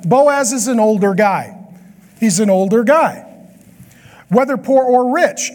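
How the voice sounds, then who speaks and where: A man preaching a sermon as a pastor, with lively, joking asides to the congregation. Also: high voice, normal speed. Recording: long hall reverb.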